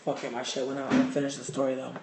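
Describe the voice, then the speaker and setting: A man hosting a livestream, telling a story in casual, profane, animated talk. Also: mid-range voice, very fast, gravelly, reverberant, noisy background. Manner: animated, profane, gets loud and excited. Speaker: livestream host.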